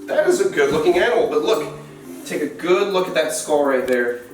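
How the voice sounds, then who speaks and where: A man's voice: a little high, animated, a little fast. A man hosting a wildlife vlog, chatting playfully while he cleans enclosures and talks to the animals. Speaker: wildlife keeper and vlog host. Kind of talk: casual narration while working. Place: indoor animal enclosure room. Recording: roomy, distant mic, music underneath.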